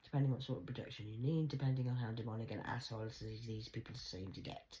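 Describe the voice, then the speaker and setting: A woman with a low voice talks into her phone alone at home at night. She rambles, swears freely, and swings from hushed whispers to sudden loud outbursts. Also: fast, a little hiss or hum. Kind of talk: late-night solo phone vlog. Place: at home indoors.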